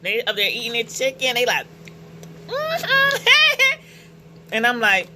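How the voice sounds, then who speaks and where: A middle-aged woman telling personal stories in a casual, animated vlog, often laughing as she goes. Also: on the high side, fast, heavy background noise. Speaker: vlogger.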